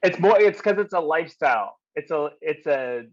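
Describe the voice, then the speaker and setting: A man's voice: a little high, lively intonation, moderate pace, hardly any pauses. A man co-hosting a comedy podcast, joking wryly in casual chat. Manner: wry, joking, mocks surfer talk. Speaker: podcast co-host. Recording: slightly dull sound.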